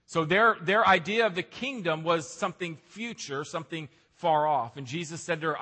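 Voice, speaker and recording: A man's voice: fairly high pitch, normal speed, few pauses, bright, forceful tone. A man preaching a sermon as pastor, reading scripture aloud with earnest, rising emphasis on key lines. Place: church sanctuary. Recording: long reverb of a church hall.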